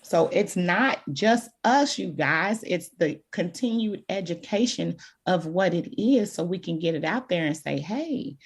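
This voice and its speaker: Woman, low voice, gravelly, husky, emphatic, frank, podcast guest. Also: a little slow, few pauses. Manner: emphatic, frank, animated storytelling. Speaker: guest expert on childhood trauma. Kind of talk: candid podcast conversation.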